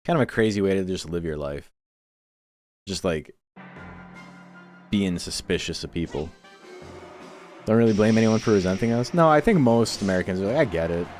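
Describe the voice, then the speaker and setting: A man with a low voice chats loosely while hosting a game tournament stream, drifting between stories, swearing and laughing. Faint music plays quietly behind him. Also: lively intonation, normal speed, pauses often. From Toronto, Canada. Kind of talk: casual chat between matches.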